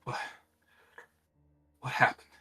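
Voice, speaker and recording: Man doing a distraught reverend, stammering and sorry, bright voice, slow. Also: recorded from a distance. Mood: shaken. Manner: stammering, apologetic. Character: distraught male church reverend.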